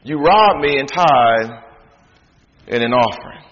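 A man's voice: medium pitch, animated, measured pace, fairly bright tone. A man preaching a sermon as pastor, with emphatic, repetitive, dramatic delivery. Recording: dull sound, long hall reverb, faint noise.

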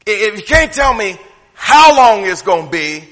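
A man preaching a humorous, conversational sermon from the pulpit, swinging from loud to hushed. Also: high voice, sing-song, normal speed, big-room sound. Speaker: pastor. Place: church sanctuary.

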